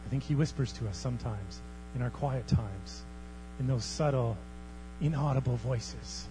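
A man preaching a sermon as pastor, swinging from hushed, almost whispered passages to loud, thundering ones. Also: medium pitch, unhurried. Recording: faint mains hum.

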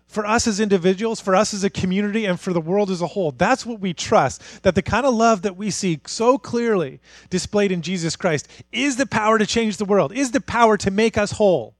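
A man preaching a sermon as pastor, moving from hushed, intimate passages to fired-up, rising declarations. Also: high-pitched, dry recording, studio quality. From Canada.

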